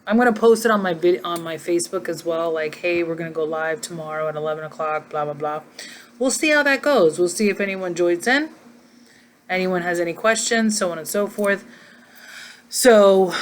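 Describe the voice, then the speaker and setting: A woman's voice: fairly low pitch, slight background noise. A middle-aged woman chatting casually to her viewers from home, rambling from one tangent to the next. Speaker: vlogger. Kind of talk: casual chat to camera.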